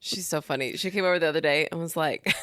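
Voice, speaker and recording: A woman's voice: sits low, fast, bright, forceful tone, no room sound, clean studio sound. A woman co-hosting a podcast, reacting with frequent gasps and exclamations in casual chat. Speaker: podcast co-host.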